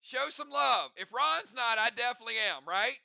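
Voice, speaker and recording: Male game host, high-pitched, crisp and gravelly, dry close sound, energetic and teasing as he calls turns. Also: normal speed, no room sound. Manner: energetic, teasing banter with players. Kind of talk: live game commentary.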